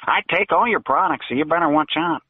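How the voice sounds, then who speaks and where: A man's voice: fairly high pitch, fairly quick, breathy edge, dry recording. A male caller on a radio show, talking in a put-on cartoonish drawl. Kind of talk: call-in radio talk. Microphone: phone. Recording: tinny phone line.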